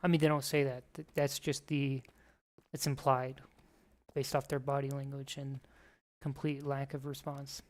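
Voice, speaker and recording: While playing a game, a streamer chats casually, spinning rambling, joking stories in a mid-range voice at a moderate pace. Steady background noise runs under the recording.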